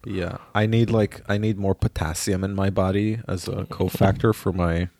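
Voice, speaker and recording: A man's voice: low-pitched, fairly even intonation, moderate pace, vocal fry, a little mellow, no echo. A man co-hosting a casual chat, dropping dry, wry asides. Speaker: podcast co-host.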